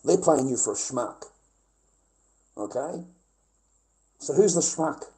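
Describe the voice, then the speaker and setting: A man's voice: a little high, lively intonation, slow, warm tone, poor audio. Profane rambling male streamer. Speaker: livestreamer. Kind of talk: casual livestream rant.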